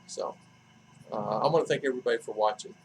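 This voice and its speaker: A man's voice: mid-range voice, fast talker, a little mellow, slight background noise, poor audio. Man rambling through a casual story. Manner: rambling, with frequent restarts and asides. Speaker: vlogger. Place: living in the Philippines.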